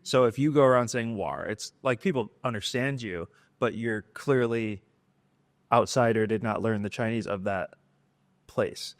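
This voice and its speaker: A man's voice: fairly low pitch, unhurried, no echo. A man co-hosting a podcast, explaining in a casual, conversational way. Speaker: podcast co-host. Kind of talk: casual chat.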